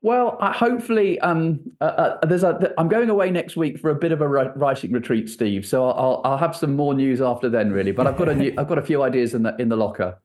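A man's voice: mid-range voice, fast, hardly any pauses, a little mellow. A man, an author and church leader answering interview questions in a thoughtful, rambling way with frequent restarts.

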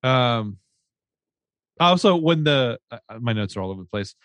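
A man co-hosting a podcast, casually reviewing a TV show, swearing often and joking in an animated way. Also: medium pitch, normal speed, dry recording. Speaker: podcast co-host.

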